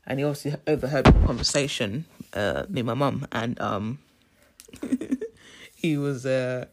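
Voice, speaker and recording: A woman's voice: extremely low pitch, big pitch swings, measured pace, very noisy. A woman telling a rambling story in a casual vlog and laughing often. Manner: chatty, rambling, laughs often, says "you know what I mean". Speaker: vlogger.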